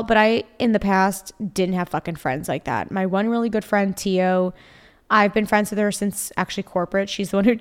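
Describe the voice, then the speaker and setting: A woman's voice: medium pitch, clean tone. A young woman hosts her own podcast alone and talks straight to her listeners. She is blunt and confiding, often emotional, and swears freely as she speaks. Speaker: podcast host. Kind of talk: candid solo podcast monologue.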